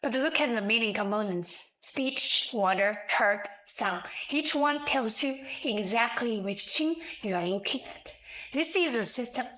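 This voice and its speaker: A woman narrating a scripted language lesson, explaining slowly, clearly and deliberately. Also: a little high, animated, a bit bright, poor audio. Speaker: language teacher.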